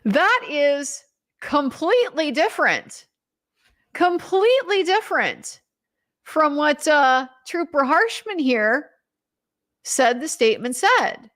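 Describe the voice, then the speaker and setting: A woman's voice: high voice, big pitch swings, slow pace, a bit bright. A young woman commenting on a trial in a casual recap, incredulous and emphatic, reading out quotes as she goes. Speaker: legal commentator.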